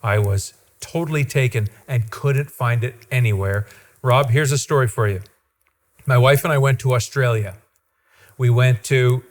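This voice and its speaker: Guy hosting a podcast, excited and chatty, tells stories with lots of energy. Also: medium pitch. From Ontario, Canada. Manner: enthusiastic, animated storyteller. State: father. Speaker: podcast host. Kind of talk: casual chat.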